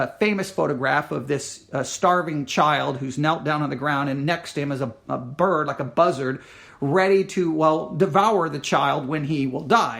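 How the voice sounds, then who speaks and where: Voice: mid-range voice, fairly bright tone. An emphatic Christian commentator reads a news article aloud and breaks it down as he goes. The delivery is impassioned and insistent. Sentences often restart, and the speaker acts out other people's words in quotes.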